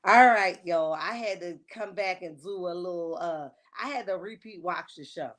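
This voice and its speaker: A woman's voice: fairly low pitch, normal speed. Chatty woman hosting a livestream recap. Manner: lively and chatty, greets chat viewers by name; slangy, emphatic opinions. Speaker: reality TV recap host. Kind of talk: casual livestream recap chat.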